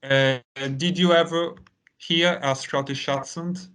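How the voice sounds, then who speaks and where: A man whose first language is Italian, teaching an English lesson in a relaxed conversational way with lots of fillers. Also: a little high, smooth, faint music behind. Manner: unhurried, many "you know" fillers.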